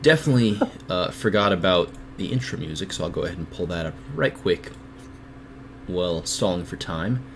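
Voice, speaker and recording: Give me a rambling, self-deprecating male co-host for a casual stream, his voice slightly deep. He keeps stumbling over his words and leans on fillers. A faint hum of ambience runs underneath. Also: brisk. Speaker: podcast host. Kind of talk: casual livestream chat.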